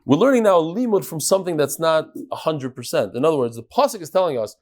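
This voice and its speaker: An animated man teaches a daily Talmud class. His voice sits a bit high, and he keeps turning to call on students in the room. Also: fast talker. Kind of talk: lively Daf Yomi class.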